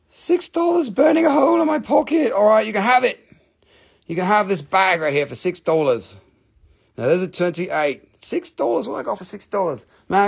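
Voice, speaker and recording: A man hosting a live sales stream from his home, with rushed, joking sales patter. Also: high voice, gravelly, breathy edge. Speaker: live-stream seller of rocks and jewelry.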